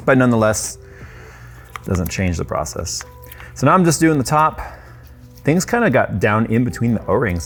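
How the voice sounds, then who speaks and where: A low-voiced tech YouTuber chats his way through a repair at a workshop workbench as a casual how-to. He's loose and talkative, with self-deprecating asides.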